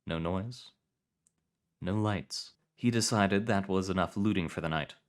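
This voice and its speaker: A man with a low, deep voice reading short stories aloud. His narration is calm and measured, with a low-key, unhurried delivery. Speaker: story reader. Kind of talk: scripted fiction narration.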